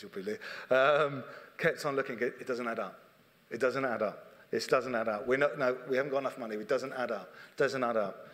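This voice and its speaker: Preaching with earnest, conversational warmth, a middle-aged church leader keeps circling back to the same phrases. His mid-range voice is a bit bright, echoing with the long reverb of a church hall.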